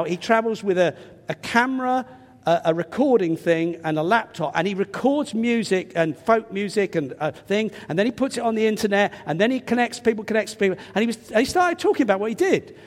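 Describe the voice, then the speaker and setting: Older English preacher, lively high voice. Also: male voice. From England. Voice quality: slightly stuffy nose from a cold. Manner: chatty storyteller, self-deprecating, restarts often. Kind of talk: sermon with personal anecdote. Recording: long reverb of a large hall.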